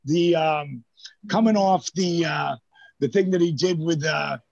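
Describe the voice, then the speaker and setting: A man's voice: fairly high pitch, a little slow, vocal fry, dry recording, muffled recording. An older man telling rambling, profane anecdotes in casual chat, acting out the lines of the people in his stories. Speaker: storyteller guest.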